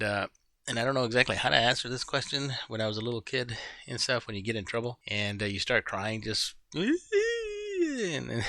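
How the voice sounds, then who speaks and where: Bright-voiced middle-aged man, rambling coaching talk. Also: on the low side, no echo. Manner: conversational, rambling, searching for words with fillers. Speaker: life coach. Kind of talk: casual coaching talk to an online group.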